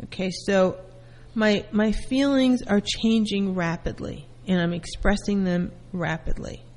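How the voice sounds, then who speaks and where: A woman therapist giving a calm lecture, explaining terms through everyday first-person examples. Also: mid-range voice, a little slow, in a large hall, low-quality recording. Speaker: therapist teaching.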